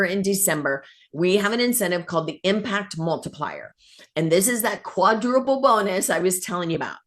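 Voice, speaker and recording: Upbeat woman pitching sales. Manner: upbeat, persuasive, folksy. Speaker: sales coach on a recruitment call.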